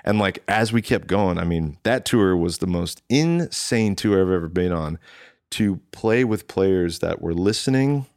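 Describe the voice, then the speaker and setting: A man's voice: sits low, lively intonation, unhurried, a little mellow, dry recording, clean studio sound. A man, a drummer and guest, telling a rambling story in casual conversation and acting out what people said to him. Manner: rambling, acts out quoted dialogue with restarts.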